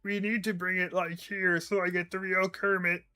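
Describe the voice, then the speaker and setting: A reedy, strained frog puppet voice from a man doing an impression, set higher than his own speech. It sounds effortful and a bit off-mic. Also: level tone, moderate pace, pushed and bright. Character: Kermit-style frog puppet, male.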